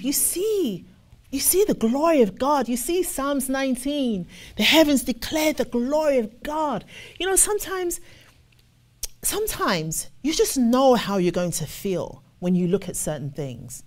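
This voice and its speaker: A woman with a somewhat high voice preaches a sermon. She reads scripture slowly and with weight. Between readings she grows expressive and acts out how other people answer. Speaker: ministry officer.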